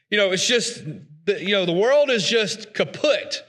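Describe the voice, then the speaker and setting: A man preaches in a loose, conversational way, slipping into little voices for the complainers he describes. His voice sits high for a man and sounds bright and forward. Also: animated, moderate pace. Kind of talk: sermon.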